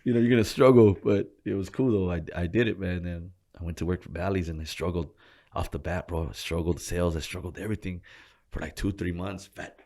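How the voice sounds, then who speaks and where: Low, gravelly man telling stories casually. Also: a little fast. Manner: profane, animated storytelling with slang. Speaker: gym co-owner, interview guest. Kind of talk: casual storytelling interview.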